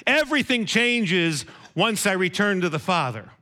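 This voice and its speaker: A man with a high, bright voice preaching a sermon. He keeps it conversational, turning to his listeners with questions as he goes. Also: sing-song, moderate pace.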